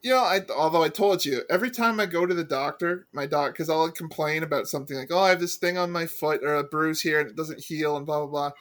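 Blunt, ranting man, slightly high voice. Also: quick pace, few pauses, fairly bright tone. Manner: blunt, swears, rants in mock anger. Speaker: podcast co-host. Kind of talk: casual chat.

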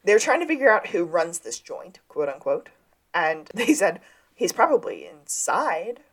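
Woman podcast cohost, lowish voice, chatty recap, laughs a lot. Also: very animated. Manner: chatty, quick to laugh, acts out quotes. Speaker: podcast co-host. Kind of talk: casual recap chat.

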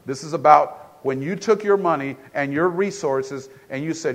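A man's voice: a little high, a little fast. A man preaching a sermon in a church in a casual, conversational way, often repeating and restarting phrases. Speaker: pastor.

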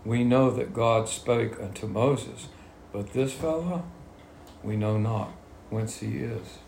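Gravelly-voiced man teaching Bible study. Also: fairly low pitch, little pitch movement, slow pace, a little mellow, a little hiss or hum. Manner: reads scripture then explains it in plain talk. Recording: echoey room with faint ambience.

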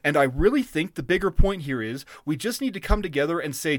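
A man's voice: a little high, animated, brisk, few pauses, no room sound, clean studio sound. A man co-hosting a casual podcast, ranting with a lot of profanity and getting worked up. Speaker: podcast co-host.

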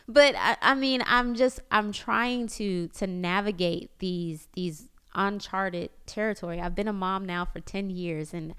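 A woman in her thirties talking casually to her viewers about parenting, animated and chatty, often slipping into voices of her family. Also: mid-range voice, measured pace, clear, resonant tone. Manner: chatty and animated, mimics family members, lots of "like". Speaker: parenting vlogger. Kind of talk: casual confessional chat.

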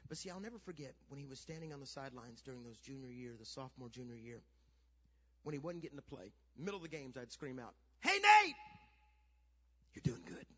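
A middle-aged pastor telling a family story in a sermon, building from quiet storytelling to shouted preaching. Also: male voice, mid-range voice, fast talker, breathy edge. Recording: dull lo-fi sound.

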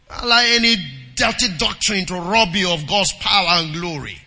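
A man preaching to his congregation in a very bright, high voice. He calls out for amens, reads scripture aloud, and moves between quiet asides and shouted lines. His voice rings with a long reverb in a church hall. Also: normal speed, hardly any pauses. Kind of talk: sermon with scripture reading.

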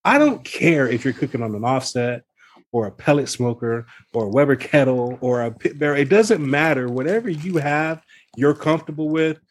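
A man's voice: mid-range voice, animated, normal speed. A man guesting on a casual chat, enthusiastic and encouraging, calling people "man". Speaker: guest, barbecue content creator.

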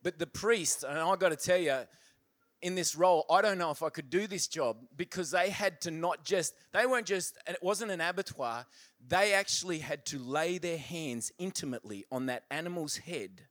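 A man preaching a sermon in a church, telling stories in an animated way and laughing often. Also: on the high side, moderate pace, dry recording, clean studio sound. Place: church service.

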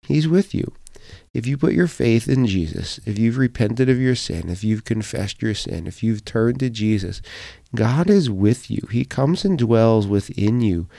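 A middle-aged man with a low, dark, gravelly voice delivers a podcast devotional. He sounds earnest and encouraging, conversational with plenty of fillers, recorded dry and close. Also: expressive, unhurried, dry recording.

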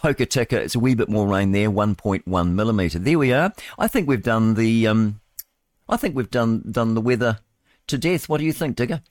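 A man's voice: lowish voice, lively intonation, a little fast, dry recording, clean studio sound. A man with a New Zealand accent hosting a casual morning radio show, rambling and interrupting himself with chuckling asides. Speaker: radio host. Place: radio studio.

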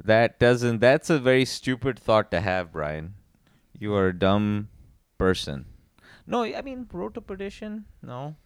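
Man co-host, teasing and crude, animated delivery, crisp close sound. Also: medium pitch, unhurried, dry recording. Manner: teasing, crude banter with frequent laughs. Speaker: podcast co-host. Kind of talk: casual chat.

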